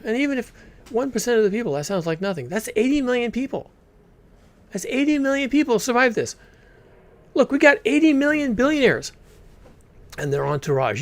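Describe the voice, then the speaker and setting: Male reaction commentator, higher voice, blunt and profane, dry close sound. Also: no room sound.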